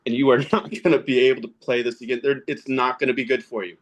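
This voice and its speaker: A man's voice: medium pitch, flat delivery, fast talker. A man in his thirties, a podcast guest, telling casual stories about fatherhood and gaming, laughing often as he talks. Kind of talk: casual storytelling.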